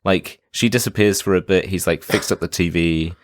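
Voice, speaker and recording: A man's voice: deep voice, moderate pace, no room sound, clean studio sound. A man co-hosting a film podcast, chatting casually and rambling with lots of "kind of" and "like". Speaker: podcast co-host. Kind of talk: casual film review chat.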